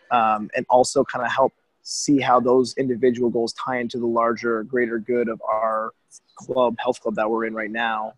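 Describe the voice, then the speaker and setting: Hoarse male caller, rambling and casual, level delivery. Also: medium pitch, no echo, rough recording. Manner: rambling, thinking aloud with fillers. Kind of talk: casual chat on a group call.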